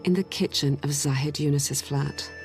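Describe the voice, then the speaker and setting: Flat documentary narrator. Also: mid-range voice, moderate pace, music in the background.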